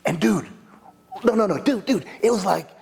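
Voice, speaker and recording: A man's voice: sits high, expressive, normal speed, vocal fry, darkish tone, husky, heavily acted. A man playing a rambling young party dude. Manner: rambling, full of "like" and "dude" fillers, restarts. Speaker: attorney in a monologue workshop. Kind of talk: performed dramatic monologue.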